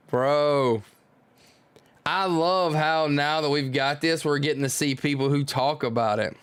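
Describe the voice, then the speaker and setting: A man streaming a live manga reading, reacting out loud with excitement and musing as he reads. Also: a little high, measured pace, smooth, dry recording. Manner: excitable, exclaims and muses aloud.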